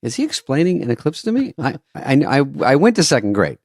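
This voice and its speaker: A man's voice: a little high, wildly swooping pitch, fast talker, no room sound. A man co-hosting a podcast in casual chat, telling stories in a dry, offhand way and mimicking the people in them. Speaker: podcast co-host.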